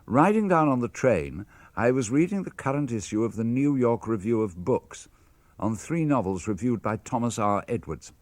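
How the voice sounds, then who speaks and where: An older man with a British accent reading a father's letters aloud for radio, measured and expressive. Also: mid-range voice, no room sound. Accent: British English. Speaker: reader of letters.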